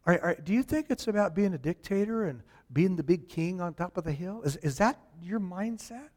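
A man preaching who quotes an older male pastor giving relaxed, gently chiding advice. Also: sits high, normal speed.

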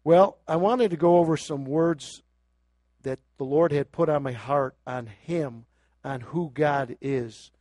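A man preaching a sermon, moving from quiet scripture reading to loud, emphatic exhortation. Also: on the high side, slow, no echo, studio quality. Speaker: pastor.

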